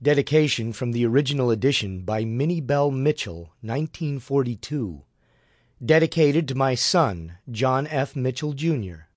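Lively male audiobook narrator. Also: medium pitch, dry recording, studio quality. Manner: measured, expressive storytelling. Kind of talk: scripted narration.

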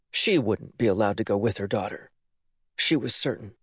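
A man reading an audiobook, narrating in an expressive, dramatic way. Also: lowish voice, normal speed, husky, no echo, studio quality. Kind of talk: scripted narration.

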